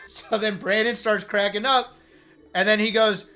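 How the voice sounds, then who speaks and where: A man in his thirties, a streamer, casually telling a story to his chat, animated and joking, acting out what others said. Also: high voice, normal speed, soft background music. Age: 30s. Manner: animated, joking, acts out quoted lines.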